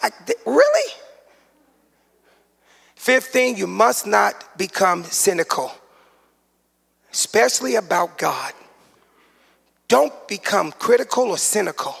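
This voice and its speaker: High-voiced shouting preacher in his forties. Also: lively intonation, unhurried, vocal fry, pauses often, breathy edge, in a large hall. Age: 40s. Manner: emphatic, sing-song preaching cadence with shouted peaks and humorous asides. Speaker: pastor. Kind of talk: sermon.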